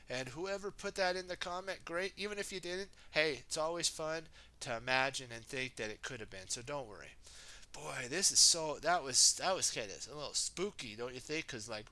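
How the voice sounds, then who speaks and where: A man's voice: mid-range voice, normal speed, sharp tone. A man reading a children's storybook aloud, chatting with his viewers and asking them to comment. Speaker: storybook reader.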